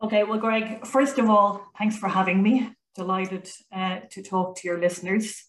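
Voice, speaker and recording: A woman's voice: mid-range voice, fairly even intonation, moderate pace, roomy sound, low-quality recording. A woman, a college founder chatting as an interview guest, talkative with many fillers and restarts. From Ireland. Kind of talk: conversational interview.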